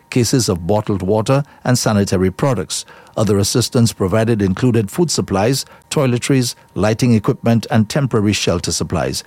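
Low, mellow male newsreader. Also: dry recording. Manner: steady, measured delivery. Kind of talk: scripted news reading.

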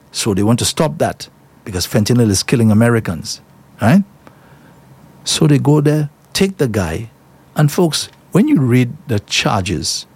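A husky-voiced man delivers solo commentary. He talks emphatically and repeats phrases for effect. His delivery is indignant and direct. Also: medium pitch, darkish tone, no echo. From Saint Lucia. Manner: emphatic, repetitive, indignant, addresses listeners as folks.

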